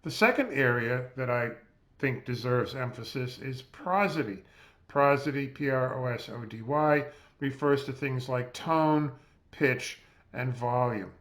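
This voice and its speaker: Male doctor lecturer, medium pitch, measured and explanatory, spells out terms, close mic. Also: fairly bright tone. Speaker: physician lecturer. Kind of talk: recorded lecture over slides. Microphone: close mic, seated.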